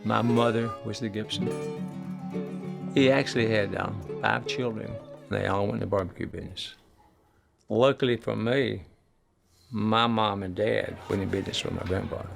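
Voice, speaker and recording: A man with a low, gravelly voice recounts his family business in a matter-of-fact way. Soft guitar music sits faintly behind him. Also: normal speed. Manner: steady, matter-of-fact storytelling. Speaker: barbecue restaurant owner.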